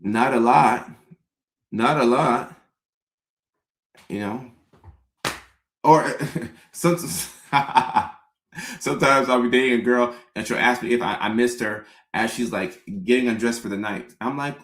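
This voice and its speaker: Animated comedian man in a roomy space. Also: medium pitch, takes it slowly, pauses often. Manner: animated storytelling with mock-pleading impressions. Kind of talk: comedic live-stream rant. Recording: roomy echo.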